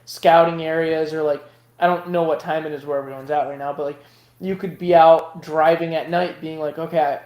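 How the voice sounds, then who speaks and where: Guy rambling on a livestream, kinda high voice, lots of "like", echoey room. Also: fairly even intonation, a little fast, muffled recording. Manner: rambling, many fillers and restarts. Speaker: guest vending creator. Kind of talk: casual livestream chat.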